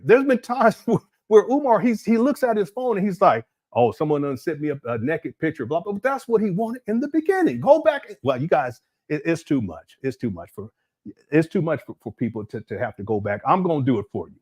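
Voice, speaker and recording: A man giving rambling, incredulous commentary on a livestream, talking to his chat from a desk mic at home. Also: fairly high pitch. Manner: animated, incredulous, rambling with restarts.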